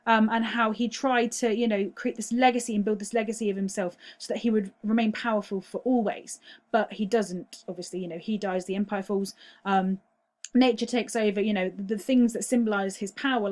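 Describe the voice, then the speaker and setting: A young woman teaching a recorded online lesson, patient and explanatory, often checking "all right?" with many ums. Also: fairly high pitch.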